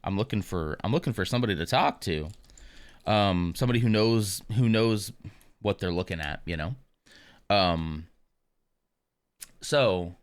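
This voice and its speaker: Low-voiced man in candid streamer chat. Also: dry recording. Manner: candid and rambling, full of asides. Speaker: live streamer. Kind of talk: casual chat.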